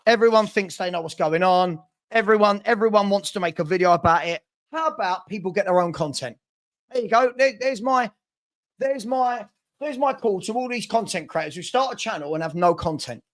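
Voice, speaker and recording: A man with a fairly high voice chats on a casual football live stream. He gets worked up and exasperated, repeating himself and restarting sentences as he goes. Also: expressive, fairly quick, a bit bright. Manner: exasperated, repetitive, stumbling restarts. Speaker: football channel host.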